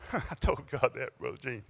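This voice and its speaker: Preaching in church, a male pastor with a Southern US accent tells stories in a lively way, moving between outbursts and hushed asides. His mid-range voice is gravelly and husky, and he speaks slowly.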